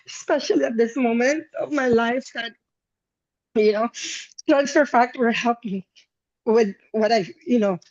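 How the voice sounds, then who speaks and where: A woman speaks on a group video call, her voice a touch high and her words halting and repeated. She sounds close to tears throughout. The call audio is dull and muffled. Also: darkish tone. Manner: tearful, halting, repeats herself. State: emotional, near tears. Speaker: guest member sharing a story. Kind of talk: emotional testimonial on a group call.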